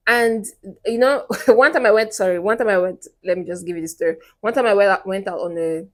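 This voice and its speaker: Emphatic Nigerian woman giving advice. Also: on the low side. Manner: emphatic and repetitive, breaks into anecdotes with laughs. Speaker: relationship coach. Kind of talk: direct-to-camera advice talk.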